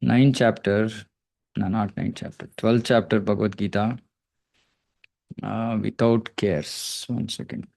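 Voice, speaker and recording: A man's voice: fairly low pitch, steady tone, unhurried, gravelly, pauses often, a little mellow, no echo. Reflective man giving a scripture class. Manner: reflective, searching for words, reads Sanskrit verse then translation; self-deprecating.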